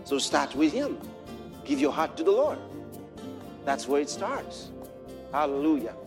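High-voiced guy preaching, swings from soft storytelling to shouting. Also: sing-song, measured pace, music in the background. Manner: builds from quiet storytelling to shouted exclamations. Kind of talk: sermon.

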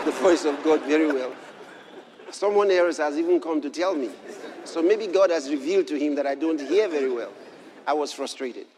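A man preaches a sermon, shifting from quiet storytelling to shouted exhortation and quoting scripture in old-fashioned wording. His pitch is fairly high, and there's slight background noise.

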